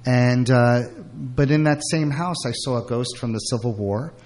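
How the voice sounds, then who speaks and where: A man's voice: medium pitch, measured pace, darkish tone. Middle-aged man telling personal stories. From Brooklyn. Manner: rambling, frequent fillers and restarts. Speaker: guest. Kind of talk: candid personal storytelling.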